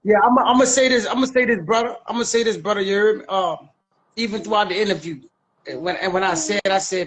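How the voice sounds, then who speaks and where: Very high-voiced man with a D.C. accent. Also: fast talker, a bit bright, rough recording. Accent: Washington, D.C. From Washington, D.C. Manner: emphatic, repeats phrases, heavy street slang. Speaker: guest. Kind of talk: casual interview talk.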